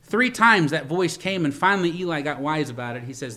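A man preaching a sermon as pastor. He speaks earnestly, repeats words as he builds a point, and grows louder to stress it. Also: fairly high pitch, lively intonation, brisk.

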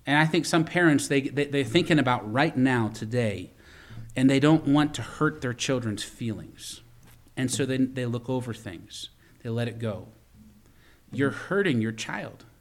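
A man's voice: medium pitch, animated, a little slow. A man preaching a sermon as pastor, retelling a story and then speaking directly to parents, often repeating words and restarting lines. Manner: storytelling preacher, swings from loud emphasis to quiet asides.

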